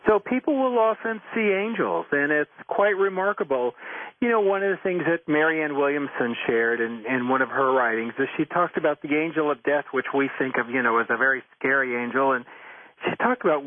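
A man being interviewed about his book, telling stories in a gentle, reflective way. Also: fairly high pitch, no echo. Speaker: author and interviewee. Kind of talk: interview storytelling. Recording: tinny phone line, dry.

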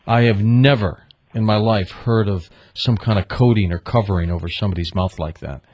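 A man's voice: on the low side, fairly quick, a little mellow, no room sound. A man hosting a call-in radio show, asking a caller probing, incredulous questions. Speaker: radio host.

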